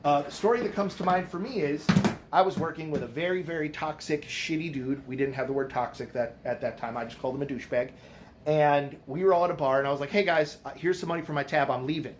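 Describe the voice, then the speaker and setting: A man's voice: on the high side, quick pace, a little hiss or hum. A middle-aged man telling stories in a blunt, profane, casual monologue, quoting other people as he goes. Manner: blunt, profane, storytelling with quoted voices. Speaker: vlogger.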